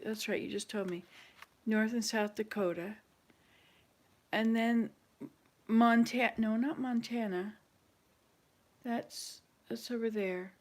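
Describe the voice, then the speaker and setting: A woman hosts a laid-back chat with her online viewers, thinking out loud and pausing hesitantly as she digs through her memory. Her voice is a little high and a little mellow.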